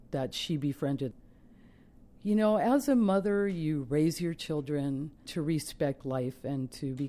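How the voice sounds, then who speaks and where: A woman's voice: low-pitched, mellow. A middle-aged woman, the mother of a soldier, giving an earnest, reflective personal testimony.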